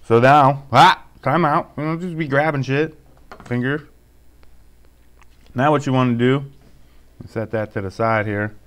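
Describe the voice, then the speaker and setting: Laid-back joking dad vlogger. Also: male voice, mid-range voice, unhurried, long pauses, clear, resonant tone. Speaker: YouTube reviewer, father. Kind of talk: casual home vlog.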